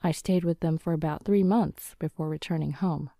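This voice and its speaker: A woman narrating a scripted first-person story in a calm, even manner. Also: low voice, moderate pace, vocal fry, dry recording, clean studio sound.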